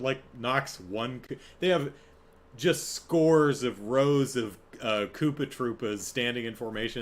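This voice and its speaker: Rambling male podcast host. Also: mid-range voice. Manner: rambling, self-interrupting, laughs, acts out quotes. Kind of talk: casual solo review chat.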